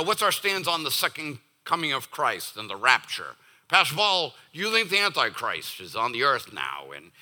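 A middle-aged man from the Boston area preaches in a loose, joking way, slipping into the voices of his listeners as he talks. His voice sits fairly high, swings widely in pitch and has a very bright, forceful edge. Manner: animated and jokey, acts out listeners' voices. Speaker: pastor. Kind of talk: conversational sermon.

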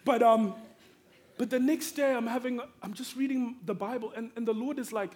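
A man from Africa preaching a sermon through a personal story, animated and swinging between hushed tones and excited shouting. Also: very high voice, moderate pace.

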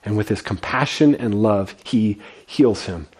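A man's voice: on the low side, unhurried, darkish tone, husky. A man preaching a sermon, telling a scripture story with earnest, dramatic delivery. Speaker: pastor.

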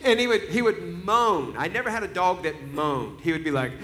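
Animated and at normal speed, a slightly high male voice carries a sermon told as conversational stories. The pastor, in his forties, swells into loud emphasis mixed with laughter.

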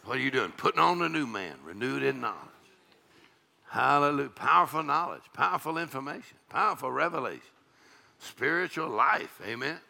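A middle-aged man preaching a charismatic sermon, breaking into loud shouts and rhythmic laughter. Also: mid-range voice, expressive, a little fast, creaky.

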